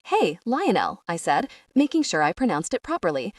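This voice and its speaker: A woman reads a first-person audiobook, her lowish voice leaping up and down as she slips into sarcastic asides. The tone stays wry and knowing throughout. The recording is close and completely dry, with no room sound. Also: sing-song, fairly quick, no room sound. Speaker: audiobook narrator.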